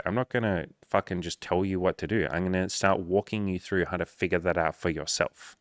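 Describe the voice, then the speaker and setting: A man's voice: sits low, a bit bright, dry recording, clean studio sound. A male dating coach talking straight to his viewers, blunt and profane, often mimicking whiny voices of others. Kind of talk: casual monologue to viewers.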